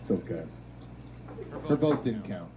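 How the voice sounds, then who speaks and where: A man performing a stand-up comedy set, telling stories in a dry, deadpan way and acting out quotes. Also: fairly low pitch, measured pace, dull audio, heavy background noise. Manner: deadpan storytelling with acted-out quotes. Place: comedy stage with a laughing audience. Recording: live audience laughter.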